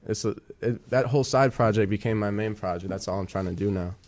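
Low-voiced young man, halting chat. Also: a little mellow. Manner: halting, many fillers and restarts. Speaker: guest musician. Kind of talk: casual chat.

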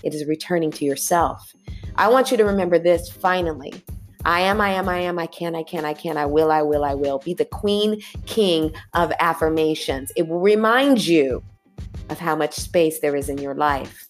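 A woman's voice: low-pitched, moderate pace, faint music behind. A woman giving a sassy, emphatic motivational talk, often repeating her phrases.

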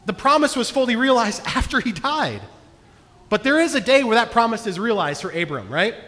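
A man preaching a sermon as pastor, earnest, moving between hushed and emphatic delivery. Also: very high voice, animated, a little fast. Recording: long reverb of a large hall.

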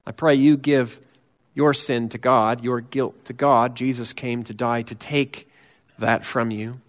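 A man preaching a sermon as pastor, earnest and emphatic, lifting his voice on key phrases and dropping it low and soft on others. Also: flat delivery, unhurried.

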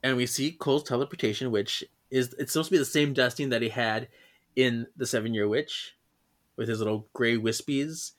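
A man hosting a podcast in casual chat, chatty and quick to laugh as he leads each segment. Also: mid-range voice. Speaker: podcast host.

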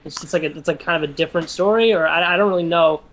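A man's voice: on the high side, rapid-fire, a bit bright. A man co-hosting a casual podcast, rambling with many restarts. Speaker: podcast co-host.

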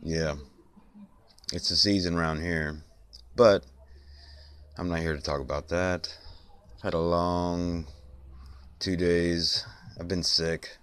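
Congested, very deep-voiced man. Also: flat delivery, slow pace, pauses often, fairly bright tone, clean tone. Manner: rambling, reflective, many fillers. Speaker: podcast host. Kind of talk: late-night solo monologue.

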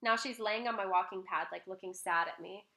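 A young woman vlogger telling a personal story in a casual, chatty way at home, full of fillers and animated quoting. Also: mid-range voice, brisk, gravelly, reverberant. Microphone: laptop mic, close.

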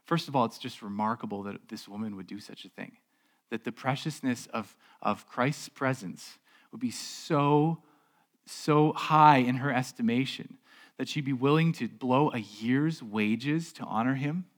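An unhurried male pastor with a medium-pitched voice preaches from a church stage in a relaxed, conversational manner. He repeats words as he goes and poses rhetorical questions to the congregation.

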